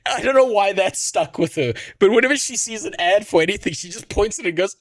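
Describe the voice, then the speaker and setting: A man's voice: high voice, lively intonation, fast, few pauses, no echo, studio quality. A man streaming casual reaction commentary, rambling and sarcastic with a lot of swearing.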